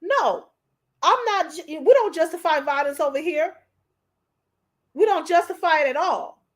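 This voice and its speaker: Emotional, preachy high-voiced woman. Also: animated, unhurried. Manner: preachy, repeats herself, calls listeners honey. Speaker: commentator. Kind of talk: emotional commentary.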